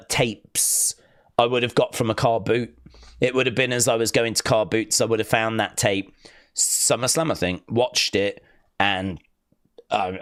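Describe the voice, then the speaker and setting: A man's voice: medium pitch, no echo, studio quality. A man hosting a wrestling live stream, chatting casually and rambling through fond memories with plenty of fillers. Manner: rambling, reminiscing, with fillers and acted-out quotes.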